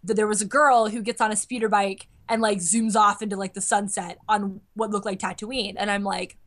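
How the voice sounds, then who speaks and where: A young woman chatting casually, an animated storyteller full of fillers who acts out quotes. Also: medium pitch, normal speed. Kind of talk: casual chat.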